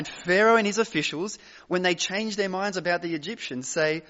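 A man preaching a sermon as pastor, emphatic, with dramatic pauses and repeated phrases, in a large hall. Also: high-pitched, a bit bright. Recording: dull recording with long hall reverb.

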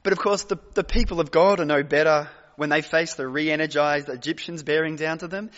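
High-voiced pastor preaching emphatically. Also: male voice, steady tone, fairly bright tone. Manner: emphatic, dramatic pauses and repetition. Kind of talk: sermon. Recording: dull recording with long hall reverb.

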